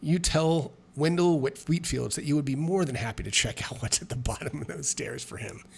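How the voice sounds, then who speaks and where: A man's voice: on the high side, brisk, gravelly, slightly rough. A man reading a solo tabletop adventure aloud, with chatty, self-mocking asides between passages. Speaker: solo tabletop game player and narrator.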